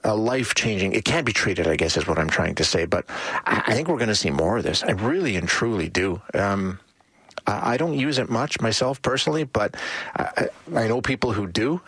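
A man's voice: lowish voice, a bit bright, husky, dry recording. A man hosting a talk radio show, chatting casually with frequent restarts and fillers.

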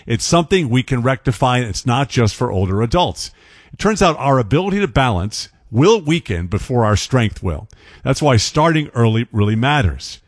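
A man hosting a radio show, reading a scripted health segment. His delivery is steady and informative, with a voice in the middle range. The sound is dry and close, with no room echo. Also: medium pitch. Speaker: radio host.

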